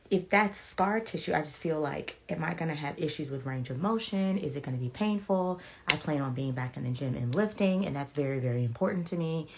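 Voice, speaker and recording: A woman's voice: low-pitched, highs cut off. A woman chatting casually on a phone livestream, telling stories candidly and bluntly with profanity and reading viewer comments aloud. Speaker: beauty vlogger sharing health updates.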